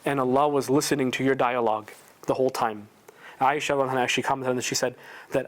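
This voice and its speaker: A man's voice: medium pitch, steady tone, fast talker. A man teaching a casual religious lesson at a prayer center, talking conversationally and quizzing his listeners with rhetorical questions. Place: indoor community prayer center.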